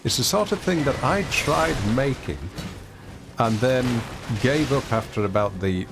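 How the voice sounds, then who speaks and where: Gravelly man streaming a game. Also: deep voice, background noise. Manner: chatty and self-mocking, talking to chat while playing. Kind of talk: casual gameplay commentary.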